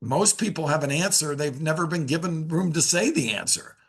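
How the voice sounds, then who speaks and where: A man's voice: on the high side, expressive, moderate pace, slightly rough. A middle-aged man teaching a leadership lesson to sales managers, energetically acting out both sides of coaching conversations. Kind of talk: leadership lesson to a live class.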